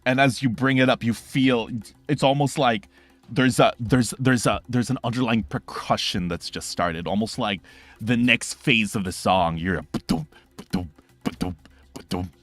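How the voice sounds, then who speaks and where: With soft music playing in the background, a medium-pitched young man acts as game master for a tabletop game. He narrates quickly and animatedly, adding sound effects and restarting lines quickly.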